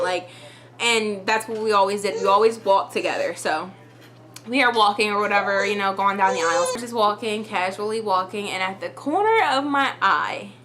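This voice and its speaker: Young female vlogger, chatty storytime delivery, bright tone. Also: mid-range voice. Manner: chatty, full of "like" fillers. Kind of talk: storytime vlog.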